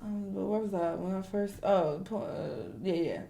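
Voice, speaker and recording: A woman hosting a reaction video, reading messages aloud and breaking into loud, incredulous remarks. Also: mid-range voice, normal speed, gravelly. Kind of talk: casual reaction commentary.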